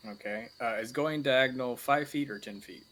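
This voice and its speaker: A man's voice: mid-range voice, normal speed, a bit bright. A man playing a tabletop game, counting out moves and swearing at his dice rolls in a laid-back way. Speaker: player. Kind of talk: casual tabletop play.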